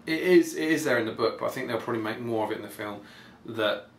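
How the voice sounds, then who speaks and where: This podcast host speaks fast in a medium-pitched voice, riffing enthusiastically and casually with plenty of ums as he rambles. There's an echo to the room and a faint noise in the background.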